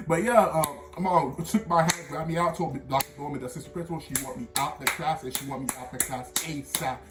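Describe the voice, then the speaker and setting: A man's voice: a little high, quick pace, heavy background noise. A young man, a storytime vlogger, telling a personal story in a rambling way, full of fillers and slang. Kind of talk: casual storytelling. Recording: echoey room, mic at a distance, faint music.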